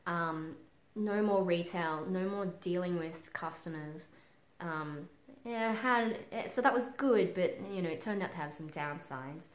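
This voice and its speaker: A woman in her twenties with an Australian accent, talking frankly in a personal vlog, halting with many ums and casual swearing. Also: lowish voice. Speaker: vlogger. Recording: roomy echo.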